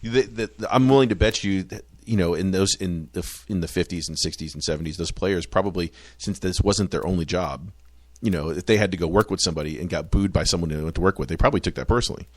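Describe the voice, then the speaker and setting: A low-pitched man from the United States talks soccer on a podcast with an animated, restless delivery, tripping over his words and swearing freely. The sound is dry and close on the mic. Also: fast, no room sound. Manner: animated, swearing, frequent restarts. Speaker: podcast co-host. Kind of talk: casual sports chat.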